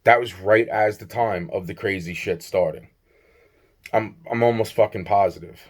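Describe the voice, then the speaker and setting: With a lowish voice and moderate pace, this vlogger recounts a weird run-in in a rambling, foul-mouthed way. He voices both people in the exchange and keeps repeating himself.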